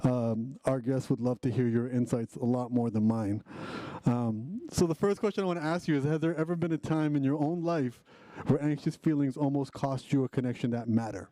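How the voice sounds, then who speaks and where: A man's voice: mid-range voice, a little fast, warm tone, no room sound. A man hosting a live online event in a casual, upbeat, chatty way, often restarting his sentences.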